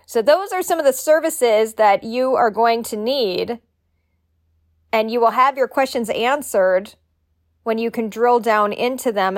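A woman's voice: mid-range voice, no room sound, clean studio sound. A woman talking solo as a publishing coach, chatty and joking, with playful asides. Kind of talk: solo podcast talk.

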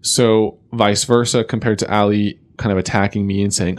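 A man's voice: on the low side, little pitch movement. A man co-hosting a podcast, explaining relationship advice in a casual chat peppered with "like.". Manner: quick, explanatory, many "like" fillers. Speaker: podcast co-host.

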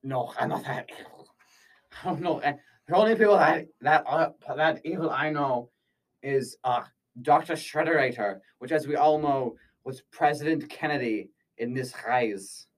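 A man's voice: fairly high pitch, normal speed, distant mic. Rambling goofy man, bit off-mic. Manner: rambling, goofy, self-correcting. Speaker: interviewee playing an evil scientist. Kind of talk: improvised comedy interview.

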